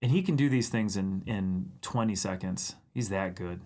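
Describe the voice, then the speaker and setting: A man hosting a livestream, chatting casually and excitedly about viewer drawings, laughing often. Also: low-pitched, moderate pace. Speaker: livestream art show host.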